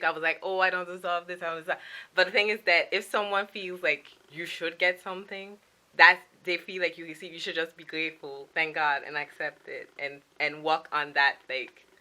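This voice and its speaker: Bright-voiced woman with a French accent. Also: sits low. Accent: French-accented English. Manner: chatty, grateful, rambling with restarts. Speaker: vlogger and streamer. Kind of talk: casual vlog chat.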